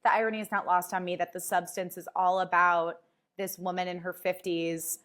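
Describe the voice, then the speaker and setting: A woman hosting her own podcast, telling stories in a casual, animated way, full of fillers and swearing, and acting out the voices she quotes. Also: on the low side, normal speed. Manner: chatty, filler-heavy, swears freely. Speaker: podcast host. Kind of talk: casual chat.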